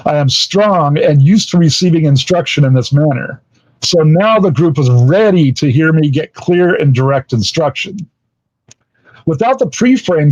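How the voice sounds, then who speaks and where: Male co-presenter, measured and plain, a bit high, dry and dull audio. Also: a little mellow, dry recording. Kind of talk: telling a story to an online audience.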